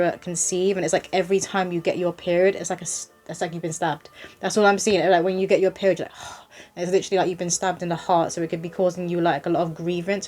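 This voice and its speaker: A woman with a lowish, slightly mellow voice works as a psychic medium doing a tarot reading. She's chatty and reassuring, addressing the viewer directly in a casual spoken reading.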